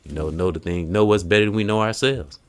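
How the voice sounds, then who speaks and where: A man hosting a casual podcast, telling stories in an animated way and acting out quotes. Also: fairly low pitch, quick pace, smooth. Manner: animated storytelling, acts out quotes. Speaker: podcast host.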